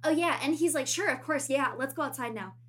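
A woman's voice: high-pitched, fairly quick, a bit bright. A young woman co-hosting a podcast, chatting casually about a book with wry, blunt comments. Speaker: podcast co-host. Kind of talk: casual book discussion chat.

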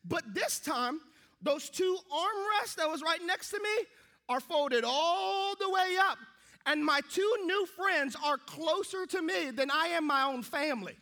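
Young male preacher, very high and forceful voice, animated storyteller. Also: unhurried. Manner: lively storytelling, acting out his own thoughts. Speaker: pastor. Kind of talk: sermon with a comic personal story.

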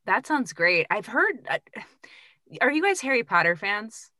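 A woman's voice: mid-range voice, sing-song, a little slow, sharp tone, dry recording, studio quality. A woman hosting a podcast, chatting casually and asking her guests curious questions. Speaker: podcast host. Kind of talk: casual chat.

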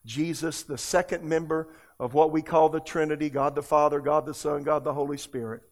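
A man preaching a sermon as pastor, emphatic, repeating words for stress and swinging between loud exclamations and hushed lines. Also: fairly high pitch, steady tone, brisk.

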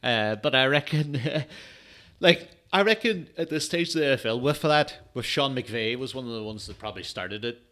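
A man's voice: mid-range voice, lively intonation, normal speed, pushed and bright. A man hosting a casual solo sports podcast, rambling and swearing with lots of fillers, tired and yawning. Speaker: podcast host.

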